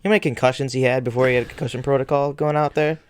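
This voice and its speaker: Man, casual football chat, laid-back, hesitant, mid-pitched voice. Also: steady tone, very fast, clean tone.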